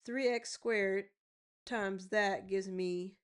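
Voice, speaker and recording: A woman's voice: mid-range voice, steady tone, clean tone. Woman math teacher, patient and repetitive, checks that students follow. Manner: repeats phrases, checks in with "right?" and "y'all see?"; slows down to spell out terms. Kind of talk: step-by-step math lesson.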